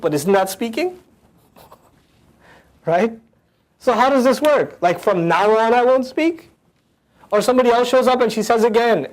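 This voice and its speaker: A man teaching scripture, reciting Arabic verses quickly and explaining each in casual English. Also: sits high, expressive, darkish tone. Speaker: Quran teacher.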